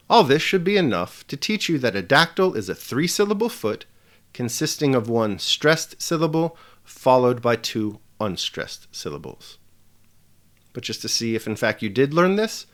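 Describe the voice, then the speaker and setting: Articulate man giving a measured lesson. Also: medium pitch, fairly bright tone. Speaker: English teacher hosting a lesson channel. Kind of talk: scripted educational lesson.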